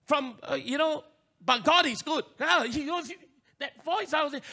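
High, bright Singaporean English preacher. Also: male voice, normal speed, gravelly. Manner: animated, urging the crowd to respond. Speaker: pastor. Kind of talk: sermon.

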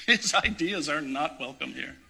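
Fiery, bright-voiced priest preaching. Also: male voice, a little high, measured pace, creaky, husky. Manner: impassioned, indignant, emphatic. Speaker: parish priest. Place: church.

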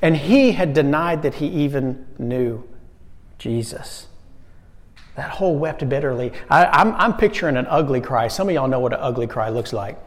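A youth pastor preaching to a young crowd, animated, swinging between loud emphasis and hushed lines. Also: male voice, medium pitch, moderate pace. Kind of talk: sermon. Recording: long reverb of a hall.

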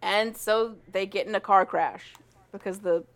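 A young woman co-hosting a casual chat, swearing freely and retelling a story with lively asides. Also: medium pitch, a loud crowd. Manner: profane, animated retelling with quick asides. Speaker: podcast co-host. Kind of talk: casual chat recapping a romance novel.

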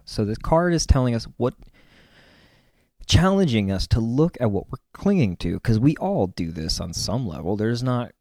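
A man giving a meandering, reflective spiritual monologue about a card reading, musing aloud with many pauses and the odd whispered aside, speaking from his own land. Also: mid-range voice, lively intonation, dark tone, no room sound, clean studio sound. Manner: meandering and musing, with many fillers and stretched-out words.

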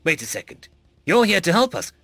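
Man doing a stern woman general, firm, clipped, lively, dry close sound. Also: high-pitched, brisk, gravelly, no echo, pitched above the performer's own voice, exaggerated voice. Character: stern female human general, steady.

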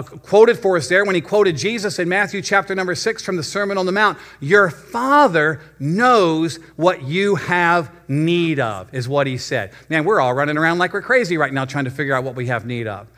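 A middle-aged man, preaching a sermon as pastor and telling a story from his youth, slowing down to stress his points. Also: on the high side, bright, forceful tone. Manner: storytelling, slows down for emphasis. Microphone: addressing remote viewers.

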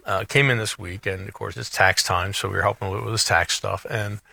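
A man's voice: lowish voice, steady tone, fast talker, vocal fry, bright, forceful tone, no room sound. A middle-aged man hosting a radio talk show, telling rambling stories with many restarts. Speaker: radio show host, financial advisor. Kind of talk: casual radio chat.

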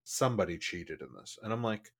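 A man with a lowish voice co-hosting a casual podcast. He rambles, restarts sentences and rushes in quick bursts. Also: animated, fairly bright tone, husky. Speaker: podcast co-host.

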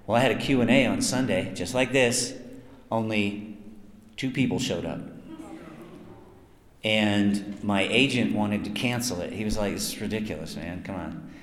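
Chatty voice actor in echoey hall. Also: male voice, on the low side, a little slow, long pauses. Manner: chatty, self-mocking, lively anecdotes with acted quotes. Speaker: voice actor guest at a convention panel. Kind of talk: convention Q&A storytelling. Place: convention panel room. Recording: echoey hall, some noise.

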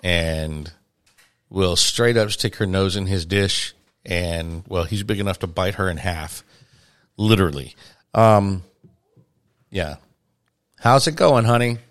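A man's voice: deep voice, slow pace, long pauses. A middle-aged man co-hosting a casual podcast, rambling and joking his way through a play-by-play. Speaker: podcast co-host. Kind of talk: casual chat.

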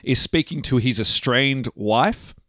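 A man's voice: medium pitch, slow pace, fairly bright tone, no echo, studio quality. A man in casual podcast chat, laying out his guess of a film's plot with frequent restarts. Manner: rambling, restarts, laughs often. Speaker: podcast co-host.

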